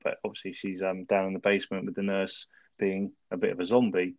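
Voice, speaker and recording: A relaxed man walks through a film's plot in easy, casual chat, his voice on the low side. The recording is dry and slightly dull, like a home podcast. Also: a little fast, no room sound. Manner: relaxed, laughs often, recaps the plot. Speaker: podcast co-host. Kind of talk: casual film review chat.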